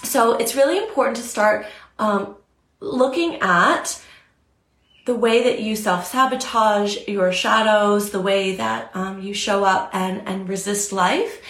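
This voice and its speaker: A woman's voice: mid-range voice, slow, fairly bright tone, echoey room. A young woman coaching on a live stream, talking earnestly and reflectively with many fillers. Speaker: spiritual coach. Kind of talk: instagram live talk.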